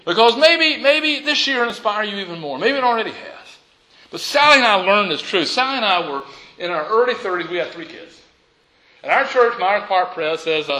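A middle-aged man delivering a sermon as a pastor, emphatic and often laughing. His voice sits high, swoops widely in pitch and has a bright, forceful edge. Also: normal speed, rough recording. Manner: lively, chuckling and emphatic.

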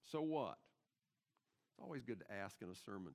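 A man's voice: lowish voice, big pitch swings, normal speed, creaky, darkish tone. A middle-aged pastor preaching a sermon in his church, emphatic and putting rhetorical questions to the congregation. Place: church sanctuary.

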